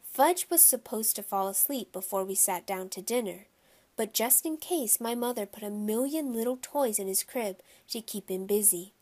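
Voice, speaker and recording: Woman narrator for a children's audiobook, lively and expressive. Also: medium pitch, normal speed.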